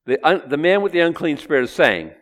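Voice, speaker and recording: A middle-aged pastor preaching an expository sermon, animated, acting out Bible voices and quizzing his congregation. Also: fairly high pitch, fast. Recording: long hall reverb.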